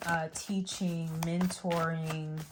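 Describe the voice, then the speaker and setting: A woman's voice: low voice, flat delivery, slow, noisy background. A woman giving a casual spiritual tarot reading, rambling with many fillers and restarts. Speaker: tarot reader.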